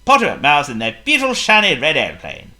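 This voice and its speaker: A storyteller reading a children's picture book aloud in a lively, theatrical way. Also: mid-range voice, a little fast. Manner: lively, theatrical, voices every figure.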